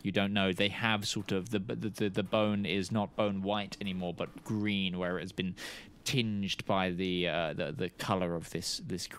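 A man narrating as game master of a tabletop game, pausing often and searching for words. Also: deep voice, steady tone, a bit bright, smooth. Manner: halting, searching for words with many fillers.

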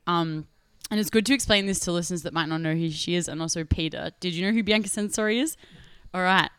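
Animated Australian woman telling a story. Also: lowish voice, smooth, dry recording, studio quality. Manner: animated, laughing, acts out quotes. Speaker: podcast co-host. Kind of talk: casual storytelling chat.

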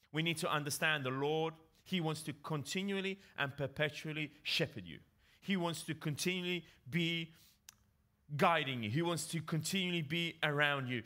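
A man's voice: mid-range voice, sharp tone. A man preaching a sermon to his congregation, emphatic and repeating key phrases for effect.

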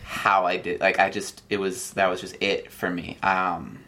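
A man's voice: low-pitched, level tone, unhurried, bright, forceful tone, a little hiss or hum. A young man from Nigeria and Ohio, a guest telling his story in a casual interview and acting out quoted lines.

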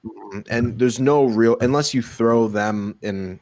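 A man's voice: medium pitch, slow pace, darkish tone, no room sound. A young man hosting a casual podcast, upbeat and joking with his co-host, recorded on a studio mic. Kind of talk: casual chat.

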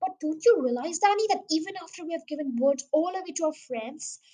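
Woman reader as a boastful, overjoyed father; grand, exuberant delivery, high-pitched. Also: animated, a little fast, dark tone, poor audio. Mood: jubilant. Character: jubilant grown man, a boy's proud father.

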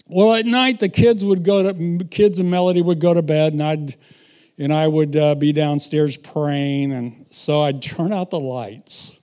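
High-voiced preacher man. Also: steady tone, measured pace. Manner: storytelling, swings from quiet asides to loud emphatic bursts. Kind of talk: sermon.

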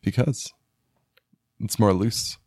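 A man with a hoarse, deep voice chatting on a podcast in a loose, rambling, joking way, recorded on a studio microphone. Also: steady tone, slow, darkish tone, no echo. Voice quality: deep gravelly voice. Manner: laid-back, rambling, joking. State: hoarse from illness. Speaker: podcast guest, spouse of host. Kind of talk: casual chat.

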